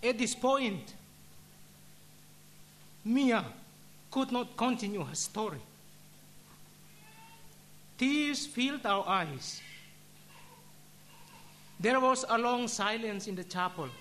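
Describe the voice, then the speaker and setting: A religious brother giving a solemn sermon, telling a story and ending in prayer with measured, deliberate delivery. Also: male voice, high-pitched, a bit bright, a little hiss or hum.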